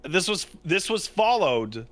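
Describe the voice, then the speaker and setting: Man, young adult, podcast co-host, casual chat, bright tone, very lively pitch. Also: unhurried. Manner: animated storyteller, acts out quotes. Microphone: studio podcast mic.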